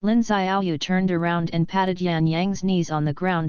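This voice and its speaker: A woman narrating an audiobook in an even, steady reading. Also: on the low side, a little slow, clear, resonant tone, no room sound. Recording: dull lo-fi dry audio.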